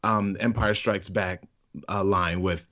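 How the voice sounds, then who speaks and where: A hesitant man talks on a casual podcast, often stammering and restarting his words. His voice sits low. The audio is muffled and lo-fi. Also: steady tone, slow, pushed and bright. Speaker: podcast co-host. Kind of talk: casual chat.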